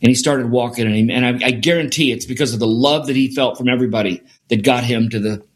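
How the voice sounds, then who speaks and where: A man's voice: medium pitch, fast. A man guest in an interview, telling a personal story in an earnest way and repeating phrases for emphasis. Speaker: podcast guest.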